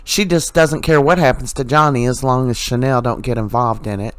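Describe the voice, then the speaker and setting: A man's voice: medium pitch, fairly even intonation, fairly quick, no echo. A man giving a casual, chatty soap opera recap, full of "you know" and "uh", with his own opinions mixed in.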